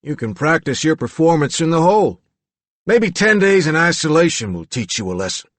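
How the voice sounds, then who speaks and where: A stern middle-aged prison captain hands down punishment in a commanding voice, raised well above the narrator's own pitch, as a male narrator puts him on. The sound is dry and close. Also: sing-song, moderate pace, a bit bright, no echo. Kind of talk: audiobook narration.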